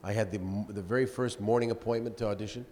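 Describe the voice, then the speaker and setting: A man in his sixties, a voice actor on a convention panel, telling stories in an animated way. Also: fairly low pitch. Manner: animated, quick storyteller who slips into voices. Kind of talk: casual panel storytelling. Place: convention hall. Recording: long echo of a convention hall, faint noise.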